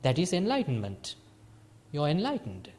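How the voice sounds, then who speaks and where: A Sri man, a Buddhist monk giving a lively dharma talk to a small group, moving between hushed and emphatic phrasing with playful laughter. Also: fairly high pitch, moderate pace. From Sri Lanka. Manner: lively teaching, swings between soft and emphatic.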